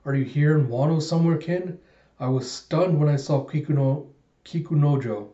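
Composed village woman, man reads her in his own mellow voice, roomy dull audio. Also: a little high, moderate pace, close to an everyday voice. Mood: calm.

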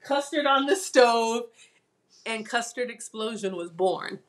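Middle-aged woman, fairly high voice, chatty live-stream cooking host, laughs a lot. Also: lively intonation, slow. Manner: chatty, laughs often, talks to chat viewers. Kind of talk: casual live-stream chat.

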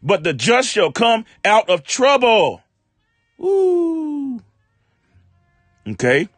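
A man preaching a live-streamed sermon, reading scripture slowly and breaking into animated, casual commentary with sudden exclamations. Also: high-pitched, no echo, soft background music. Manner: reads verses slowly, then comments in casual speech.

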